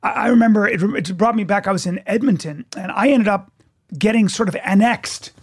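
A man hosting a casual podcast chat, telling a story with lots of energy, quick restarts and swearing. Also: high voice, breathy edge. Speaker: podcast host, stand-up comedian.

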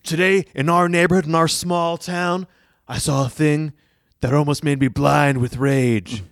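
A man's voice: on the high side, fairly even intonation, measured pace, no room sound, clean studio sound. A man voicing a self-righteous small-town deacon, preaching indignantly in an improvised comedy bit. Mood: outraged. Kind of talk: improvised comedy role-play.

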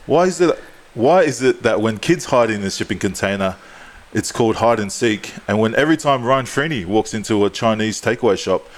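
A man's voice: lowish voice, expressive, brisk. A man co-hosting a podcast, reading joke news and teasing his co-host, laughing often.

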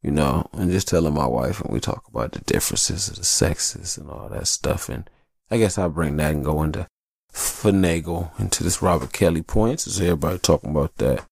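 A man hosting a podcast alone, talking in a casual, rambling and profane monologue, telling stories in an animated way. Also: a bass voice, fairly quick, creaky, no room sound, clean studio sound. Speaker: podcast host.

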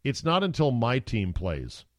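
A man's voice: mid-range voice, wildly swooping pitch, unhurried, dry recording, clean studio sound. Blunt, opinionated male sports host. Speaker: podcast host. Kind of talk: casual sports talk.

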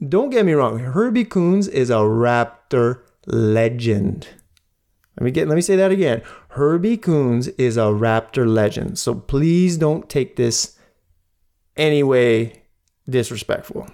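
Slow, animated male sports podcaster. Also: mid-range voice, vocal fry. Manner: animated, repeats lines for emphasis, mock voices. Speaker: podcast host. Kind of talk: solo sports podcast commentary.

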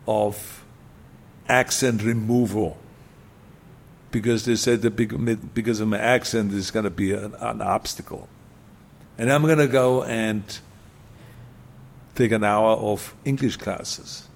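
An older man with an Austrian accent, a guest telling his story in casual talk, emphatic and repeating key phrases for punch. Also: medium pitch.

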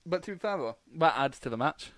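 A man co-hosting a podcast, chatting casually, swearing freely and telling animated stories with laughs. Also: a little high, brisk, no echo. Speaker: podcast co-host. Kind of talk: casual chat.

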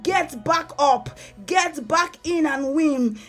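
A woman with a high voice leads fervent prophetic prayer on her podcast. She repeats her declarations and breaks into speaking in tongues. Soft music plays faintly beneath her voice. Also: slow pace. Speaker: podcast host and preacher.

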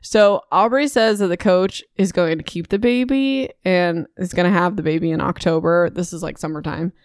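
A woman's voice: on the low side, normal speed, no echo, clean studio sound. Chatty woman recapping a book. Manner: chatty, animated, indignant asides. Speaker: podcast host.

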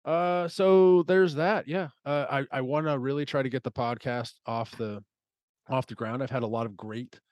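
A man's voice: mid-range voice, a little mellow, no room sound. A man in his thirties hosting a podcast, chatting casually, rambling and swearing freely. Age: 30s. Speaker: podcast host. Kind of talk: casual chat.

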